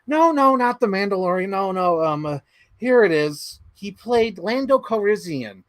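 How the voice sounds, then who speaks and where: Man mimicking a breezy clueless sister, chatty, offhand, higher voice, dry sound. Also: expressive, normal speed, a bit bright, dry recording.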